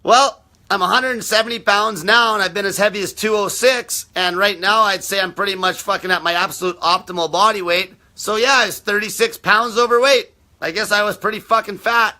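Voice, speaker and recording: A man's voice: high-pitched, moderate pace, pushed and bright. A man hosting a live stream, answering viewer questions in a blunt, combative rant and swearing nearly every sentence.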